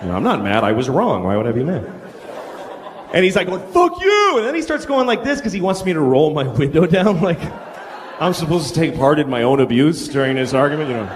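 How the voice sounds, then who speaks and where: A middle-aged man performing stand-up comedy on stage, telling stories in an animated, incredulous way. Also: medium pitch, a little fast. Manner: animated, incredulous storytelling with swearing. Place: comedy stage before a live audience. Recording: live stage recording with background noise.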